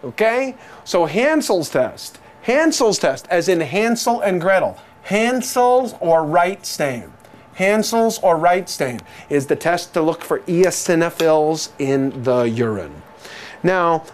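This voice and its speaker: High-voiced, theatrical male lecturer. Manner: animated, theatrical, quizzes listeners with rhetorical questions and repeats key terms. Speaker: medical exam review lecturer. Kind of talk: jokey recorded lecture.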